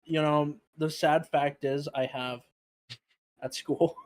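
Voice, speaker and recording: A man's voice: a little high, steady tone, slow pace. A young man in casual stream chat, easygoing and teasing.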